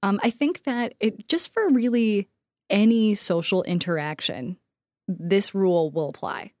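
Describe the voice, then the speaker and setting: An American woman co-hosting a casual podcast chat, animated and quick to act out quoted dialogue in different voices, laughing often. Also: mid-range voice, no room sound, studio quality. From United States. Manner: laughs often, filler-heavy. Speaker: podcast co-host.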